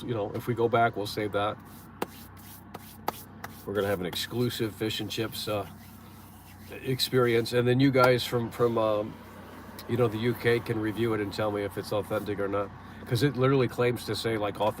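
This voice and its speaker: A man's voice: lowish voice, noisy background. A man streaming live from his parked car, chatting in a rambling, blunt and profane way with lots of fillers. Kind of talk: casual live-stream chat. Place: parked car in a parking lot.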